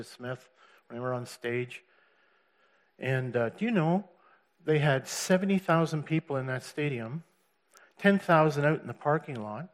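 A man giving a personal church testimony, telling his story earnestly with restarts and laughs. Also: medium pitch.

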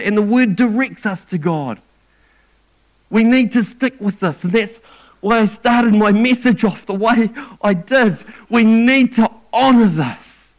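A man preaching a sermon in an earnest way, often stumbling and repeating words as he restarts. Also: sits high.

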